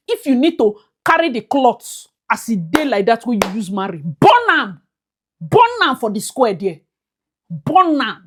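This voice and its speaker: A young female vlogger with a Nigerian accent gives casual commentary, mixing Pidgin into her English, laughing often, and swinging from loud to whispered. Her voice is slightly high and husky.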